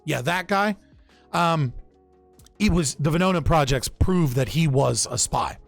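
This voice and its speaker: Gravelly man talking history, casual. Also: on the high side, animated, unhurried, no echo, soft background music. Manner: loose and profane, with frequent restarts and fillers. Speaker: podcast speaker. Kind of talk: casual political history talk.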